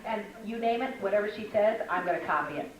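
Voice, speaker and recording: A woman's voice: medium pitch, fast, recorded from a distance, highs cut off, a crowd in the background. Older woman teaching in an echoey hall. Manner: chatty, humorous, storytelling. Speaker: speaker at a women's conference. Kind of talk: conversational teaching talk to women. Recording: echoey hall, mic from afar.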